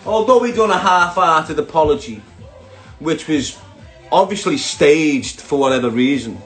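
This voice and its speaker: Sweary mocking Scouse man, high voice. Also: animated, measured pace, a bit bright, soft background music. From Liverpool, England. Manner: sweary, mocking, laughs at his own jokes. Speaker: online commentator. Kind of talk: casual rant to viewers.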